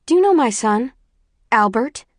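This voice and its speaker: A woman's voice: on the high side, animated, normal speed, no echo, voice pushed up. A fussy, anxious mother in an audiobook story, as a woman narrator puts her on. She is flustered and speaks in a raised, fretting voice. The recording is dry and close. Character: fussy anxious middle-aged mother of a young man.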